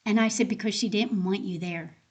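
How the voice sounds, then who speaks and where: A woman's voice: medium pitch, brisk. A woman being interviewed as a guest, an end of life doula telling personal stories in a casual, conversational way and acting out the dialogue she quotes. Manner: animated, acts out quoted dialogue in her stories.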